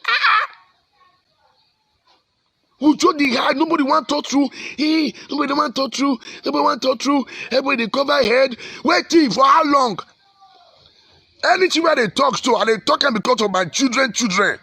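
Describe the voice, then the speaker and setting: A Nigerian-accented man preaching with fiery, repetitive insistence. His voice sits high and sounds rough and gravelly, with a sharp edge. It is recorded close and dry, with no room sound. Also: brisk, no room sound. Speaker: pastor. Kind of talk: impassioned social commentary.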